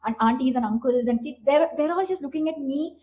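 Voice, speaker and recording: High-voiced, animated Indian English woman. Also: brisk, rough recording. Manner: animated, swears freely, many fillers and restarts. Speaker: vlogger. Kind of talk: casual storytime.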